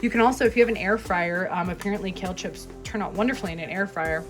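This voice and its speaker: A woman's voice: mid-range voice, over music. A young woman chiropractor from Minnesota, chatting enthusiastically in her kitchen as she unpacks her groceries. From Minnesota, USA. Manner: chatty and enthusiastic, drawn-out words. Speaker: chiropractor vlogger. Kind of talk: casual kitchen vlog. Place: home kitchen.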